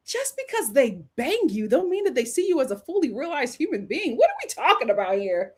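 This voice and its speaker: Animated, heated woman streamer with a high voice. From Philadelphia. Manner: animated, heated and quick to laugh. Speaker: live stream host. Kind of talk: live chat-reading commentary.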